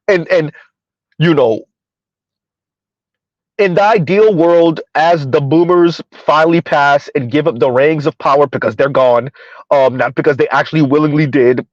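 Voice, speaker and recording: Male livestream commentator, thirties, repetitive and wry, somewhat high voice, lo-fi dry sound. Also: no room sound. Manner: rambling, repeats himself, laughs at own jokes.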